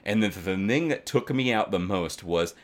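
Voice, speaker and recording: Male podcast co-host, low voice, loose, excitable and profane, talks in long run-on stretches. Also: moderate pace. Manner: rambling, animated, swears often, many fillers. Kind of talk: casual chat.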